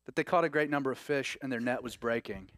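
A man preaching a sermon in an animated, conversational way with laughing asides. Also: mid-range voice, fast talker, dry recording, studio quality. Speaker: pastor.

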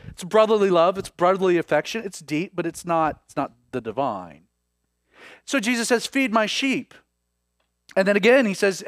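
A male pastor preaching a sermon, acting out scripture scenes with swings between loud intensity and hushed moments. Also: a little high, lively intonation, moderate pace, no room sound, clean studio sound. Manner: dramatic preaching, voices scripture figures with rising intensity.

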